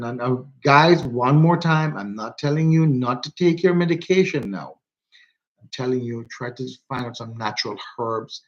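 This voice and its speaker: A man with a Jamaican accent chats casually to his viewers in a loose, rambling way, often saying things twice for emphasis. His voice sits at an ordinary pitch. The stream audio sounds dull and lo-fi. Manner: rambling, repeats himself for emphasis. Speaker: livestream host. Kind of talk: casual live chat to viewers.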